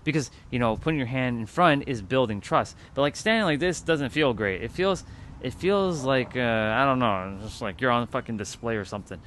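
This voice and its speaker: A man's voice: medium pitch, moderate pace, fairly bright tone, a little hiss or hum. A man hosting a livestream, talking to his chat in a loose, rambling way, with lots of fillers and casual swearing. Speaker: livestream host.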